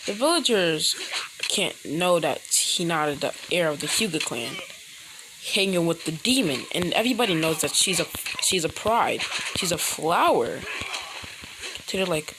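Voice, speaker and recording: A woman's voice: lowish voice, expressive, measured pace, noisy background. A woman improvising a fan story in a rambling way, often correcting herself, while food sizzles in a pan in her kitchen. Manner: rambling, frequent self-corrections. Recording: frying food sizzling behind.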